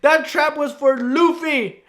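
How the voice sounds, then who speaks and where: A man's voice: extremely high pitch, fairly even intonation, slow pace, a bit bright, voice pushed up, exaggerated voice. A man doing a furious outsmarted villain boss. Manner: indignant ranting.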